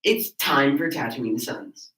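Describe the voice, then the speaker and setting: A man's voice: medium pitch, slow pace, fairly bright tone, a little hiss or hum. A teenage boy reads a scripted podcast intro, nervous about his voice cracking. He sits some distance from the mic in an echoey room. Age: teens. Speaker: podcast co-host reading the intro. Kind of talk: reading a scripted show intro.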